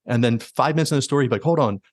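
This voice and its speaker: A man's voice: mid-range voice, rapid-fire, no echo, clean studio sound. A man hosting a podcast, casually retelling stories with many likes and quoted asides. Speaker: podcast host. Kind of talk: casual storytelling.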